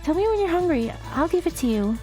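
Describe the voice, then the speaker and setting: A woman's voice: very high voice, big pitch swings, fast talker, warm tone, soft background music, voice pushed up. A woman reading aloud the lines of a friendly, caring teenage schoolgirl from a game. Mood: coaxing. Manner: read aloud from on-screen game text.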